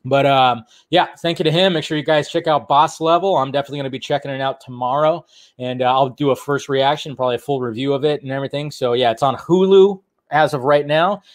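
A man's voice: mid-range voice, fast talker, dry recording, studio quality. A man hosting a casual livestream, rambling and laughing as he wraps up the show. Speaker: livestream host.

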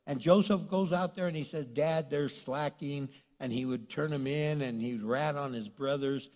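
A man preaching a sermon, retelling a story in a lively, conversational way and acting out the characters. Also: mid-range voice, moderate pace. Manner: animated storytelling, acts out characters. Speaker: pastor. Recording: long reverb in a large hall.

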